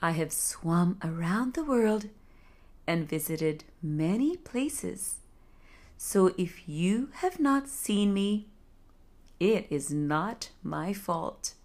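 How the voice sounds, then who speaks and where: A woman voicing a wise, well-traveled old male sea turtle in a husky voice, speaking slowly and gently in a bedtime story. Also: fairly low pitch. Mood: calm. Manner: slow, gentle and calm.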